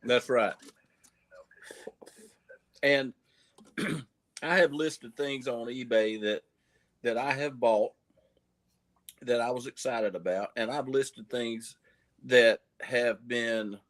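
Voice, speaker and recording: Brief: Southern man, coin-dealer guest, folksy yarn-spinner, mid pitch, restarts and repeats. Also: fairly even intonation, takes it slowly, pauses often, a bit bright. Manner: folksy storyteller, repeats words as he goes. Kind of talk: casual livestream chat.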